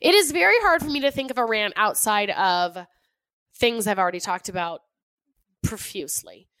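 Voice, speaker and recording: A woman co-hosting a podcast in casual chat, animated and laughing often as she acts out her kids. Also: medium pitch, normal speed, smooth, no echo. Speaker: podcast co-host.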